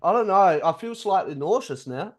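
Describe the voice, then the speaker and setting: A man's voice: high-pitched, lively intonation, fairly quick. A man co-hosting a podcast, telling crude stories in a laid-back way. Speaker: podcast co-host. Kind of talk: casual podcast banter.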